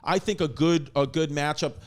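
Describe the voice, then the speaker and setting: A man's voice: a little high, moderate pace, darkish tone. A man hosting a casual comedy podcast, rambling and joking with lots of restarts. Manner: rambling, jokey, full of restarts and fillers.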